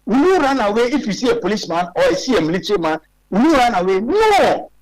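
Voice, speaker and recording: High-voiced Ghanaian man arguing his case. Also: very animated, fast, low-quality recording. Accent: Ghanaian English. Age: 40s. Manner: emphatic, fires rhetorical questions. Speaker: radio guest. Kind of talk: heated radio talk.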